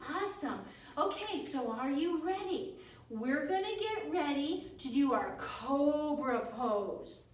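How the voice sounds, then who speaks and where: A woman's voice: high-pitched, a little hiss or hum. A woman teaching a children's yoga class, speaking in an encouraging, sing-song way to small children. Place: yoga studio. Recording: very echoey room from far off.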